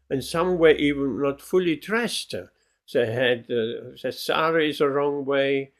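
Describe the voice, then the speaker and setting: A man, a spiritual teacher, telling a devotional story in a lecture, with many pauses and fillers. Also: mid-range voice, gravelly.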